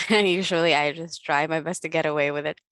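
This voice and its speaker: A woman sales agent being coached on a call, giving soft agreeing replies and laughing often. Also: low voice, steady tone, fairly quick, no room sound.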